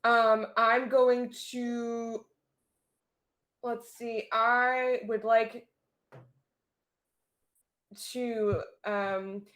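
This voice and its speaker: A woman playing a tabletop role-playing game, talking in a halting way full of fillers and swearing. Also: fairly high pitch, flat delivery, a bit bright. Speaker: player.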